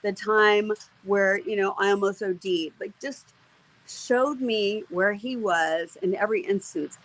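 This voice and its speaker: A woman's voice: medium pitch, a little slow, low-quality recording. A middle-aged woman, an interview guest, telling a personal faith testimony in an earnest, emotional way, with many fillers and restarts.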